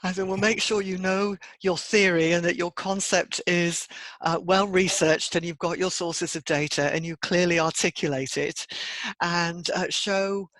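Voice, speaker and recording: A middle-aged woman, a trainer and consultant, answering interview questions in an articulate, measured way and laughing easily. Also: lowish voice, fairly even intonation, a bit bright, no echo, rough recording.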